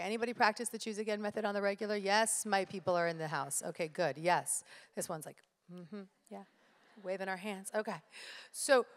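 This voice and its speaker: Woman giving a lively talk in a hall. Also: medium pitch. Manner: lively storytelling, addressing the audience directly. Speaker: speaker at a live event. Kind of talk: motivational live talk. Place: stage in a large hall. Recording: live hall with reverb.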